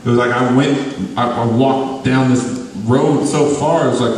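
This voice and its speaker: A man's voice: medium pitch, steady tone, unhurried, darkish tone, distant mic. Rambling man in an echoey hall. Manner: loose, rambling, laughs often. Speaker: guest musician. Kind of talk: testimony interview.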